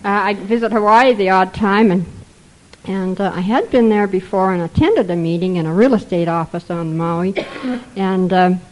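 A woman's voice: medium pitch, normal speed, a little mellow, poor audio. An older woman from Canada telling humorous recovery stories to a group, chuckling through her anecdotes. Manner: chuckling, anecdotal, with quoted voices. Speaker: speaker sharing recovery stories. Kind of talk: storytelling to a group.

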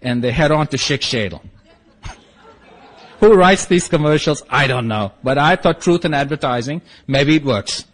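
A man's voice: fairly high pitch, animated, measured pace, a faint crowd. A man sharing his own story with a group, wry and self-mocking, acting out the lines of the people in it. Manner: acts out quoted dialogue. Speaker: speaker sharing his story at a support meeting.

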